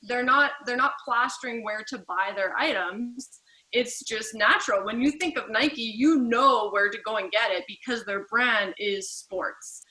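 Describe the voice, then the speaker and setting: A woman giving a casual team training talk, chatty and lively, acting out little dialogues. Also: fairly high pitch, a little slow, low-quality recording.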